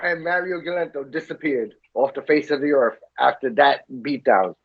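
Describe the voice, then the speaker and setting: A man's voice: medium pitch, lively intonation, moderate pace. A man co-hosting a podcast, telling his own stories eagerly and tripping over repeated words. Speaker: podcast co-host. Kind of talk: casual podcast chat. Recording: slightly muffled lo-fi audio.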